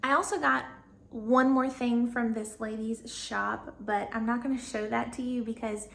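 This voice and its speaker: A woman's voice: on the high side, fairly even intonation, moderate pace, vocal fry, fairly bright tone, soft background music. A young woman with a Southern US accent, chatting casually and bubbly in a home decor vlog, laughing often.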